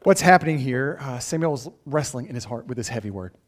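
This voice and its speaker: A man's voice: mid-range voice, lively intonation, brisk. A pastor delivering a sermon in an earnest, emphatic way, often asking his listeners rhetorical questions.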